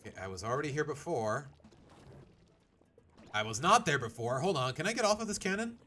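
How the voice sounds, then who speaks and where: A man's voice: fairly high pitch, big pitch swings, fairly quick, sharp tone, a little hiss or hum. A man giving let's play commentary. He rambles, thinks aloud and pokes fun at himself. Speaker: gaming streamer. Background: faint game music.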